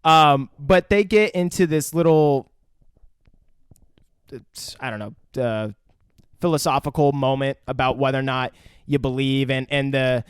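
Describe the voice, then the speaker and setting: A young man co-hosting a podcast, recapping a movie in casual chat, crude and quick to laugh. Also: mid-range voice, clean tone, no echo, clean studio sound. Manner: crude, laughing, swears freely. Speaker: podcast co-host.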